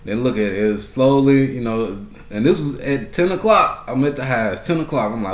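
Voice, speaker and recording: A man talking through his trading day in an easygoing way. His voice sits at an ordinary pitch, and he keeps checking in with "right?" and says key points twice. The room around him is noticeably echoey. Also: expressive, normal speed. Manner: conversational, keeps asking "right?", repeats phrases for emphasis. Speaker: stock market vlogger. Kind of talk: casual market recap.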